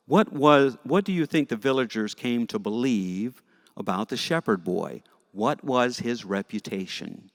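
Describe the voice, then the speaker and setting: A man teaching Sunday school, telling a story to children in a playful, animated, jokey way, in a church with long reverb. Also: mid-range voice. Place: church sanctuary.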